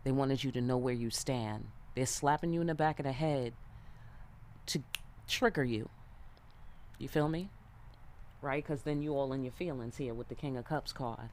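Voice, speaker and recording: A woman giving a tarot reading in a loose, animated way, cursing freely and checking in with her listener often. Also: a bass voice, normal speed, pauses often, a little hiss or hum. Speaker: tarot reader. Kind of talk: casual spoken tarot reading.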